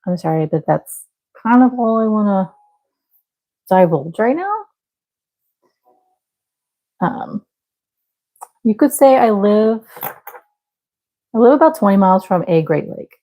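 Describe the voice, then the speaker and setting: A Midwestern woman crochets on a livestream, chatting casually with viewers, apologizing, filling gaps with fillers and small laughs. Her mid-range voice is animated yet slow, warm in tone, with long pauses, captured on a rough recording.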